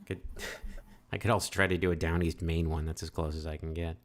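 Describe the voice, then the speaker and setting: A man with a very low voice talks his way through a text adventure. He reads the game text aloud and thinks out loud in a chatty way, with lots of fillers and restarts. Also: level tone, fairly quick, a little hiss or hum. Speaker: let's-play host. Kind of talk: casual game playthrough, reading text aloud.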